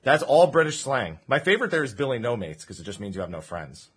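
A man's voice: mid-range voice, big pitch swings, quick pace, fairly bright tone, husky. A man from New Jersey chatting casually on a livestream, explaining slang and laughing often. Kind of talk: casual stream chat.

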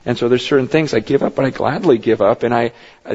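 A male pastor preaching a sermon in a church, talking casually with his congregation and climbing to high, emphatic peaks. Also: fast, darkish tone, breathy edge. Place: church sanctuary. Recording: dull sound with long hall reverb.

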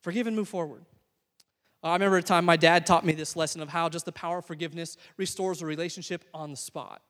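A young man preaching a sermon, telling stories and swinging from hushed to excited. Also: a little high, quick pace. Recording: long hall reverb.

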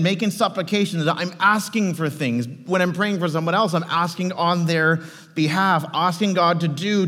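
A pastor preaching a Sunday sermon, a man with a slightly raised pitch who talks to the congregation in an animated, conversational way. He asks question after question. His voice rings with long reverb from a church hall.

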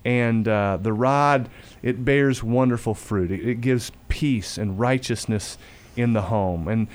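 A man in a mid-range voice hosts a faith talk show, sharing a family story in a relaxed, halting manner. He often repeats words and grows quiet when he quotes his own words.

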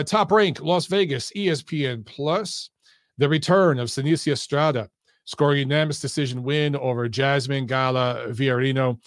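Blunt, animated man breaking down boxing. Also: on the high side, no room sound, clean studio sound. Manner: blunt, animated, swears freely. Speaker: boxing commentator and channel host. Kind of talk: casual solo commentary livestream.

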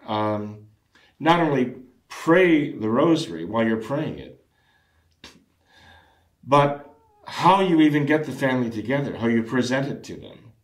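Speaking very animatedly at a medium pitch, a man teaches about family prayer in an earnest, measured way. He often restarts phrases and clears his throat, and the room around him echoes.

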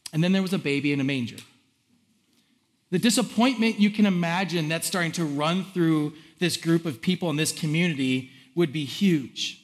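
High-voiced animated male preacher. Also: moderate pace. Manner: animated, conversational preaching, acting out crowd reactions; reads scripture aloud. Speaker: pastor. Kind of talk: sermon.

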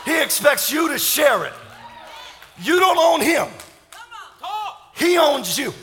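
A man pastor preaching an impassioned sermon to a congregation, often shouting. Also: very high voice, sing-song, slow pace, in a large hall, a faint crowd. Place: church sanctuary.

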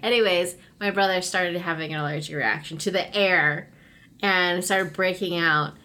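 A woman's voice: lowish voice, moderate pace, pushed and bright. A woman in casual chat, telling rambling stories and laughing often. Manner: giggly, rambling storyteller.

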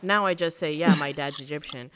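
A woman's voice: low voice, brisk. A young woman co-hosting a casual podcast, telling stories in a chatty way with frequent laughs. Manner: chatty storyteller, laughs often. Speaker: podcast co-host. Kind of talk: casual chat.

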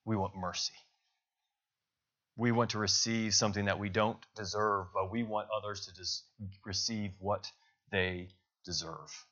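Lower-voiced male pastor, tense and bright. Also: fairly even intonation, unhurried, pauses often, muffled recording. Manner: conversational, self-correcting, asks the congregation "right?". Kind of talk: sermon. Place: church service.

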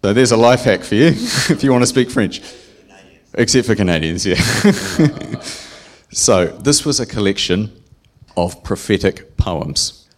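Low-voiced New male preacher, casual joking sermon, asks the crowd questions. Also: expressive, measured pace. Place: church hall with congregation.

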